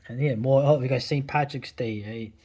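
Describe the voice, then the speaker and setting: A man's voice: medium pitch, moderate pace, dark tone, a little hiss or hum. A man in his forties with a New York accent, talking through old cartoons in a rambling, blunt way full of asides and tag questions. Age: 40s. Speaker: video host. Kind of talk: casual commentary.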